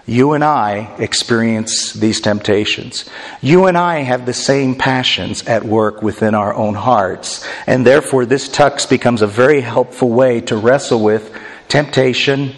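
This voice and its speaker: A middle-aged man preaching a sermon as a pastor, earnest and self-deprecating, slowing down to stress key words. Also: mid-range voice. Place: church sanctuary. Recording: long hall reverb.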